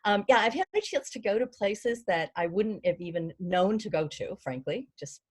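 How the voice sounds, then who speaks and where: Relaxed storytelling woman on a video call. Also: mid-range voice, moderate pace, husky. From United States. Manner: relaxed storyteller, lively when animated. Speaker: housesitter. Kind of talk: casual group video chat.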